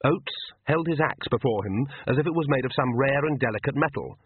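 A man's voice: medium pitch, a little fast, breathy edge, no room sound. Man narrating, tinny lo-fi sound. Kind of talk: audiobook narration. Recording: tinny phone-like, dry audio.

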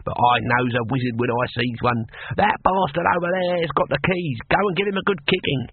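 A man's voice: brisk, slightly rough, no room sound. A man voicing a cheeky, cocky ancient barbarian who cackles and crows, in a dry, tinny recording. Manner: cackling, high and crowing. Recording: dry, tinny phone-like sound.

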